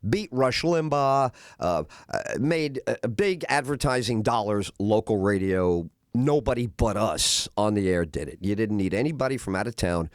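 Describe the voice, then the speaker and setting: A man's voice: on the low side, no room sound, clean studio sound. A middle-aged man hosting a radio show, telling a long story and acting out the other people in it, with many "uh" fillers. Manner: animated, acts out other voices in his anecdotes; frequent "uh" fillers. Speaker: radio host. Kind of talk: storytelling monologue.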